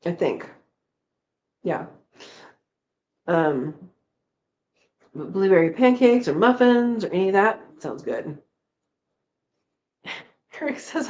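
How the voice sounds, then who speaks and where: A woman hosting a homesteading live chat, reading viewer comments aloud in a relaxed, chatty way, laughing often and trailing off with fillers. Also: mid-range voice, slow, pauses often, lo-fi sound.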